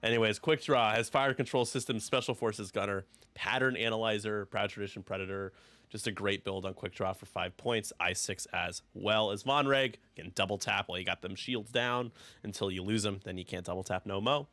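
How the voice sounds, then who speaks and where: Bright-voiced joking male commentator. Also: fairly low pitch, fairly even intonation, a little fast, no echo. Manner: joking, laughs often, rattles off upgrade lists. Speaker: game commentator. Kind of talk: casual game commentary.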